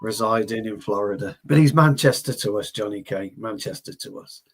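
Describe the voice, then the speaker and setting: A man's voice: on the low side, moderate pace, husky. Chatty man co-hosting. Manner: chatty, repeats words for emphasis. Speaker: co-host. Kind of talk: casual livestream chat.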